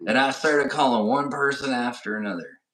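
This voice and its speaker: A man's voice: medium pitch, brisk, a bit bright. A middle-aged man co-hosting a podcast, telling a casual story and often checking in with "right?" and "you know". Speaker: podcast co-host. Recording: roomy echo.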